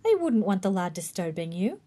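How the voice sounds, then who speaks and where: A woman voicing a homely, motherly ghost woman from the countryside with a warm country voice, sounding dubious in a storybook reading. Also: mid-range voice, very animated, a little fast.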